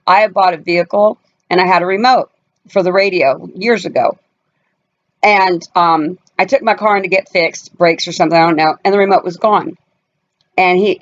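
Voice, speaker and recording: Woman, family vlogger, casual storytelling, emphatic, slightly dull lo-fi sound. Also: mid-range voice. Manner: emphatic, animated, acts out voices in quotes.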